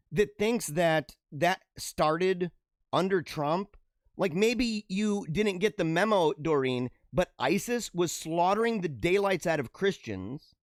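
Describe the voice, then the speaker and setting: A man with a fairly high, very lively voice hosts a casual livestream. He chats through viewer comments in an animated way and often drops into low asides. His radio-style mic sounds close and dry. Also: no room sound. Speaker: livestream show host. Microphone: radio-style studio mic.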